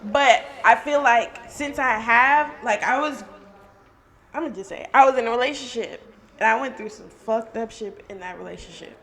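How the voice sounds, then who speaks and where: A woman's voice: a little high, normal speed, a bit bright. Candid woman in casual chat. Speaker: podcast co-host.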